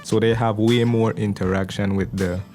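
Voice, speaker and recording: A man, a pastor answering interview questions in an earnest, steady way. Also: lowish voice, normal speed, faint music behind. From Belize. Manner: earnest, steady, repeats small words as he thinks. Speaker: pastor, podcast guest. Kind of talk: measured conversational interview answers.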